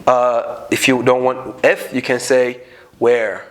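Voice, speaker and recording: A man's voice: mid-range voice, slow. A man with an Ethiopian accent teaching an unscripted English grammar lesson, acting out little everyday dialogues as he explains. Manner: animated, acts out little dialogues.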